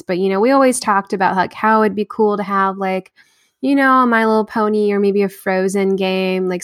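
A woman talking as a guest on a casual podcast, friendly and hesitant, with many pauses and fillers. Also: mid-range voice, dry recording, studio quality. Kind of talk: casual interview chat.

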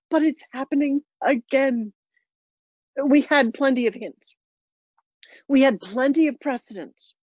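A woman's voice: high voice, darkish tone, no echo, highs cut off. A woman reading a personal story aloud to a room in a tender, heartfelt way, often close to tears.

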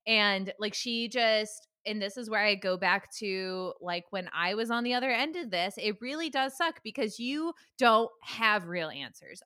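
Young woman ranting thru a story, bright voice, dry close sound, acts out the quotes. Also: mid-range voice, dry recording. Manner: animated retelling with acted quotes, swears, laughs often. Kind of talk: casual chat, storytelling.

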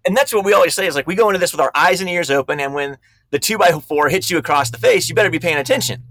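A man, a film director, telling stories about casting in an energetic, emphatic interview. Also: on the high side, racing, no room sound. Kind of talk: casual interview storytelling.

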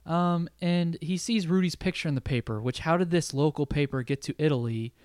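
A man's voice: a little high, a little mellow, clean tone, no room sound, clean studio sound. A man co-hosting a podcast, casually recapping a film's plot with frequent laughs. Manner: recaps the plot, laughs often, quotes lines in quick bits. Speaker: podcast co-host recapping a film. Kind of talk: casual chat.

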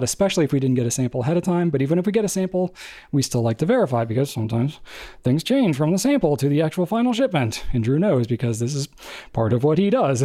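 A man co-hosting a casual podcast, explaining at length in an animated, rambling way. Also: a little high. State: out of breath. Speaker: podcast co-host.

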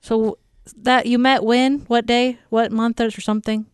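Smooth-voiced woman host asking gentle questions. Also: a little high, flat delivery, measured pace, no echo, studio quality. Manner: supportive, probing questions. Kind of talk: casual chat, interviewing.

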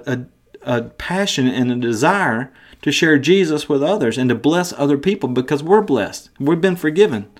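A man teaching a Bible study podcast in an earnest manner, often restarting his words. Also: on the high side. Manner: earnest, frequent word restarts.

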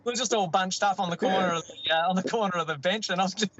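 Rambling Australian man, slightly higher voice. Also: fast talker, fairly bright tone, lo-fi sound, slight background noise. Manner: rambling, self-interrupting, laughs at his own stories. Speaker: guest. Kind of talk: casual storytelling.

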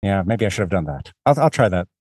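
A man's voice: deep voice, sing-song, fast, a little mellow, no room sound, clean studio sound. A man hosting a podcast, talking through a book in a rambling, self-deprecating way with many restarts. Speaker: podcast host. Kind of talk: casual book discussion.

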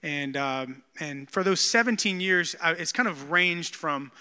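A man, preaching a sermon with energetic storytelling. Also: a little high, measured pace, clean tone, big-room sound. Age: 30s. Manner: energetic, storytelling with frequent restarts. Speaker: pastor.

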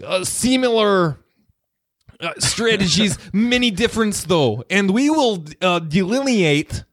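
A man putting on a jokey Russian accent as a mock comrade, halting and giggly. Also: high voice, expressive, a bit bright, dry recording, studio quality, voice pushed up, heavily acted. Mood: hammy. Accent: put-on Russian.

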